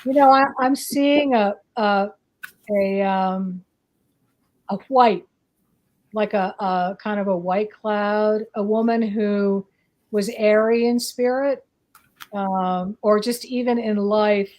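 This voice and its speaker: A woman's voice: mid-range voice, fairly even intonation, slow, a little mellow. A woman chatting casually as a guest, rambling and hesitant, with many fillers. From northeastern United States. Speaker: psychic guest. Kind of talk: casual chat.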